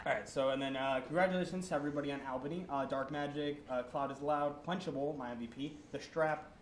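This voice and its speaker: A man's voice: mid-range voice, steady tone, fast. A young man co-hosting a casual esports recap, joking as he rattles off player names. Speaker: co-host. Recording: echoey room, faint noise.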